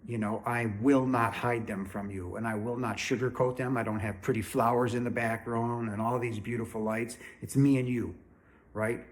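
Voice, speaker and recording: A man's voice: mid-range voice, fairly even intonation, moderate pace. A man hosting his own spiritual channel, talking straight to the viewer in a blunt, earnest, no-nonsense way. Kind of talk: direct-to-camera spiritual talk. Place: home, indoors.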